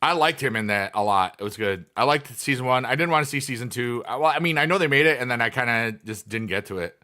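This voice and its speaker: Brief: bright-toned male streamer, chatty, wandering, full of ums. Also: medium pitch, animated, fast. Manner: rambling, many fillers, reads chat aloud. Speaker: livestreamer, former teacher. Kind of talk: casual livestream chat.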